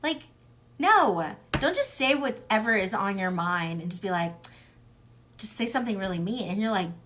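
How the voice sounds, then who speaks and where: A woman's voice: mid-range voice, animated, normal speed, fairly bright tone, a little hiss or hum. A young woman reading tarot cards in a casual livestream. She talks bluntly, swears freely, drifts into tangents and fills her speech with "like" and "um.". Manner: chatty, wanders off on tangents. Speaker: tarot reader.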